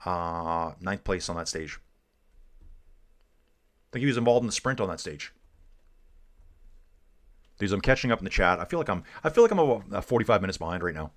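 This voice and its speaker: A man's voice: deep voice, lively intonation, moderate pace, long pauses. A middle-aged man from Canada giving casual live race commentary while chatting with viewers, calling them dude and guys. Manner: laid-back, calls viewers dude and guys. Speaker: streamer and cycling commentator.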